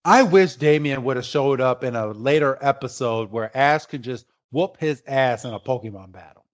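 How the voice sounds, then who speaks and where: A man co-hosting a podcast in casual chat, retelling the plot with halting fillers. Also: medium pitch, dull audio. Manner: rambling, halting, with many fillers. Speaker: podcast co-host.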